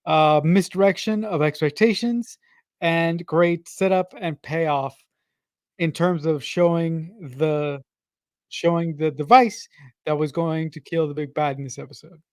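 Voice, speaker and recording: A podcast host reacts to an episode as it plays, speaking slowly at a middling pitch. The delivery is full of exclamations, laughter and halting restarts while breaking down plot points. The recording is dry and close, with no room echo. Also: steady tone. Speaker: watch-along podcast host. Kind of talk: casual reaction commentary while watching an episode.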